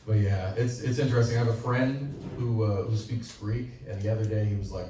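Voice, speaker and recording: A young man doing a stand-up comedy set on stage, animated and slipping into quoted voices for his punchlines, with the audience laughing. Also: lowish voice, brisk, few pauses, a crowd in the background. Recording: loud audience laughter, echoey club heard from far.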